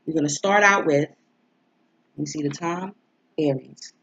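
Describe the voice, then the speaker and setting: This astrology and tarot reader speaks from home in a laid-back confessional vlog, her talk rambling and emotional, her nose stuffy after crying, with rhetorical asides sprinkled in. She has a deep, slightly bright voice with vocal fry and a somewhat slow pace, and the audio sounds dull.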